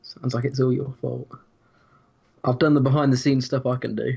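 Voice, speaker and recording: A man's voice: mid-range voice, little pitch movement, moderate pace, gravelly, mellow, husky. A man co-hosting a livestream, chatting casually and mumbling asides while he reads the chat. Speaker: stream co-host. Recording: dull lo-fi stream mic.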